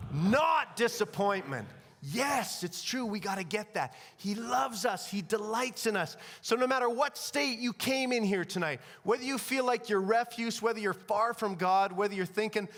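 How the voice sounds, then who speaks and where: A man preaching at a conference, telling stories with animated energy and humor. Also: high-pitched. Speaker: conference speaker. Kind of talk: energetic sermon. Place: conference hall. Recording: long reverb of a large hall.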